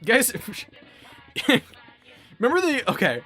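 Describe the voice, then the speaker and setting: A man's voice: very high voice, huge pitch swings, takes it slowly, pushed and bright, breathy edge, soft background music. A young man chatting casually while gaming, rambling and swearing, with many restarts. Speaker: gaming vlogger.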